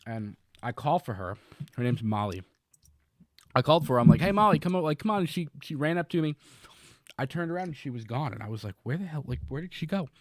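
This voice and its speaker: A man's voice: mid-range voice, no room sound, studio quality. A man co-hosting a podcast, telling a long story in casual chat, rambling with many fillers and restarts. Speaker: podcast co-host.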